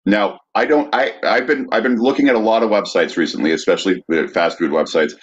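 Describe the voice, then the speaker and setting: A man with a very low voice hosts a podcast in an easygoing, halting way, stumbling over fillers as he reads from a list. The recording sounds dull and lo-fi. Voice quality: halting, with many fillers when reading. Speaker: podcast host, researcher. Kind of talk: casual podcast chat, reading a list of sources.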